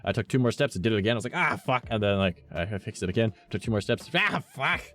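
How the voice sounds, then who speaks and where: Talking very fast in a lowish, steady voice, this man streams and chats loosely with his audience over faint background music. His talk wanders, is full of curse words, and is peppered with "like."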